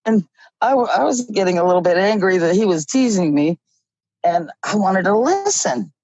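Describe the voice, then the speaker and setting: A middle-aged woman telling a story in a casual, animated way, often laughing as she goes. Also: medium pitch, normal speed, no echo. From Ohio. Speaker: guest. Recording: dull lo-fi audio.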